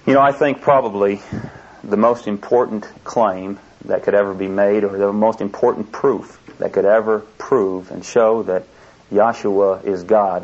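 A man's voice: lowish voice, darkish tone. A man preaching a sermon in an earnest, repetitive way, often restarting his sentences. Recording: dull lo-fi recording.

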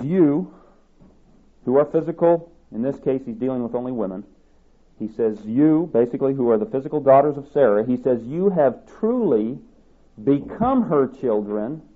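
A man preaching a sermon, reading scripture aloud and driving his points home with emphatic repetition. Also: mid-range voice. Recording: tinny phone-like sermon tape.

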